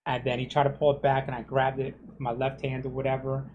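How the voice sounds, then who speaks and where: A man's voice: medium pitch, completely flat delivery, fast talker, narrow, tinny audio, a little hiss or hum. Man venting profanely on a stream. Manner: profane, heated, keeps asking "you know what I'm saying?". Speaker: game streamer. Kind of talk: casual rant while streaming gameplay.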